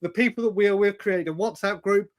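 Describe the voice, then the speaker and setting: A man's voice: high-pitched, fast, a little hiss or hum. A man, telling stories animatedly on a casual live stream, swearing and saying "mate" constantly. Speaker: co-host.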